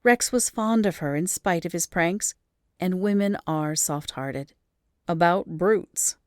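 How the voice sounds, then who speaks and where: A woman reading an old humorous story aloud as an audiobook, lively and expressive in storytelling. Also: lowish voice, a little slow, no echo, clean studio sound. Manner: lively storytelling with rising emphasis in action scenes. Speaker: audiobook reader.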